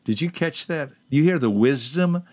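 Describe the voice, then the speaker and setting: An older man hosting a podcast, telling a personal story to listeners and asking them direct questions. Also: moderate pace. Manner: lively storyteller, acts out quoted voices with big pitch jumps. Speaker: podcast host and personality teacher.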